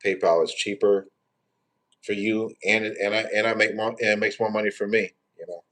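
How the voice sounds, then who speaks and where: A man's voice: lowish voice, steady tone, fairly quick, a bit bright. A man, hosting a tarot livestream in rambling, profane, joking casual chat.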